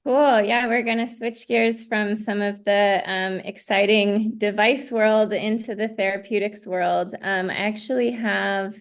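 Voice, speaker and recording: A woman's voice: mid-range voice, fairly even intonation, measured pace, hardly any pauses. A woman giving a workshop presentation over a video call, walking through her slides. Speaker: invited speaker on gene therapy. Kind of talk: online workshop talk.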